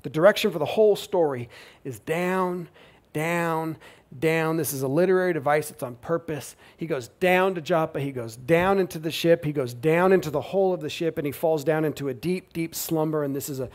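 A man preaching a sermon, retelling a Bible story with lively emphasis and quiet asides. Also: on the high side, a little fast. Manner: animated storytelling, swings between loud emphasis and quiet asides. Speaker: pastor.

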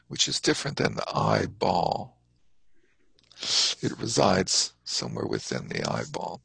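A husky, gravelly man leads a class, his voice rising and falling a lot. He explains terms in a thoughtful, halting way, pausing to spell out foreign words. His voice sits low and is recorded close and dry. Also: fairly bright tone, no room sound, rough recording. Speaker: Buddhist teacher. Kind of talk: teaching a class.

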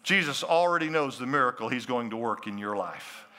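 Pastor, lively preaching with asides to the crowd, bright voice. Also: male voice, medium pitch, a little fast. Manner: animated, talks to the crowd with questions and asides. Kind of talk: sermon.

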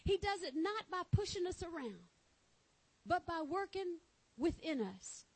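A woman's voice: very high voice, big pitch swings, measured pace, dry recording, rough recording. A woman with a Texan accent preaching a fervent sermon, exclaiming and reading scripture aloud. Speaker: pastor.

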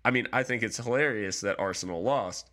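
A man co-hosting a casual sports chat, laying out his view in a measured way. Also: lowish voice, bright, forceful tone. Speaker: podcast co-host.

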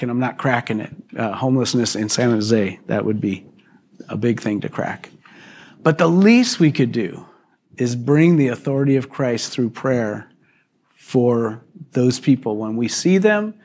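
A male pastor giving a live church sermon, telling the story in a conversational, animated way. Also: medium pitch, normal speed. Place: church service.

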